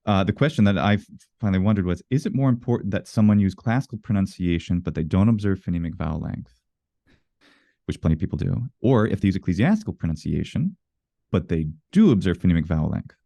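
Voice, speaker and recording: A man's voice: low-pitched, lively intonation, quick pace, vocal fry, warm tone, no room sound. A man being interviewed in a casual conversation, explaining his views at length with earnest self-corrections. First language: English. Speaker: interview guest.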